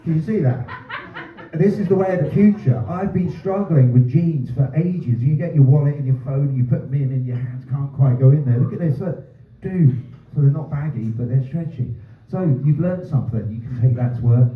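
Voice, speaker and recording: Ranting comic, heard from far off in an echoey pub room on a thin, phone-like recording. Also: male voice, medium pitch, moderate pace. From North London. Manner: ranting, sweary, deadpan asides. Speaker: stand-up comedian. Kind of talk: stand-up comedy set. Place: small pub comedy room. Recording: roomy, distant, phone-like sound. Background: audience laughter.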